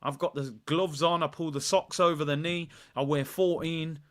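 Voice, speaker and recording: A young man, hosting a live football watchalong and chatting in a rambling, playful way. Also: moderate pace. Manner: animated, rambling, playful, bursts into high shouts. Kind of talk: casual live-stream chat.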